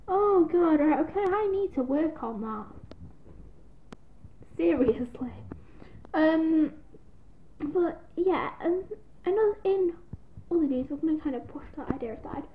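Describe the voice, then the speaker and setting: A young woman vlogging in a rambling, self-deprecating casual chat to camera, recorded on a tablet. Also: high voice. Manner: giggly, self-deprecating, scattered. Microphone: tablet built-in mic. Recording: tinny lo-fi tablet audio with faint hiss.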